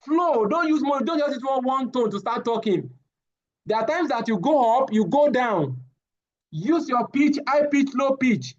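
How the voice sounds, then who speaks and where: A man, giving a live safety training lecture, animated and often repeating his words as he addresses the class. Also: very high voice, normal speed, highs cut off.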